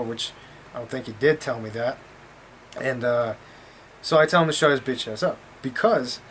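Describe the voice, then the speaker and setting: A man's voice: mid-range voice, a bit bright, slight background noise. A man telling a story in a casual vlog, talking in a blunt, profane, rambling way.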